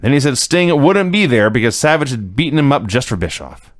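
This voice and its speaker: A man co-hosting a podcast, recapping with wry, deadpan jokes and frequent chuckles. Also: mid-range voice, a little fast, no echo, clean studio sound. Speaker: podcast co-host recapping wrestling. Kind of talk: casual podcast chat.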